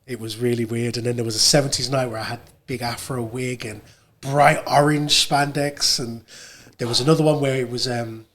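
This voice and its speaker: English male guest, medium voice, relaxed anecdotal chat. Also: medium pitch, moderate pace, slight background noise. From England. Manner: relaxed storytelling, animated when quoting others. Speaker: guest, radio presenter and producer. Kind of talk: casual conversation.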